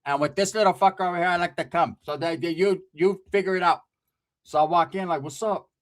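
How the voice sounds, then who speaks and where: A man's voice: high voice, steady tone, fast. A man from the Merced area of California telling a rambling, profane comic story. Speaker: comedian storyteller.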